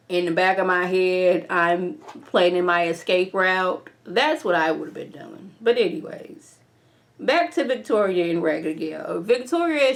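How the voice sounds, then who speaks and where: A young woman casually recapping and reviewing a TV episode in an opinionated, slangy way. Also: fairly low pitch. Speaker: TV show reviewer.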